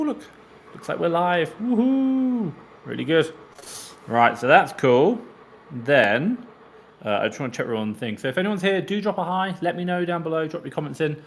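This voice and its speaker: A man hosting a casual live question-and-answer stream, chatty, breaking off mid-sentence and reading viewer comments aloud. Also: a little high. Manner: chatty, self-interrupting, reads comments aloud.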